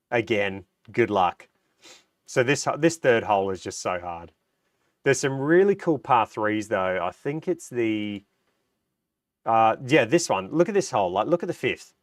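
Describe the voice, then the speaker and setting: A man's voice: fairly low pitch, no echo, clean studio sound. A man hosting a casual livestream. He has a cold, so his voice sounds nasal, and he chats with enthusiasm and answers viewer comments. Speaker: livestream host.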